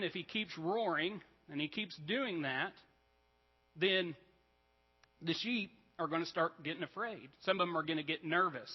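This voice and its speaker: A male pastor with a somewhat high voice gives a relaxed, chatty sermon, often checking in with the room. The recording is dull and muffled. A long church-hall reverb trails behind his words. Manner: casual, frequent "like" and "right?" check-ins. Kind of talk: conversational sermon. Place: church sanctuary.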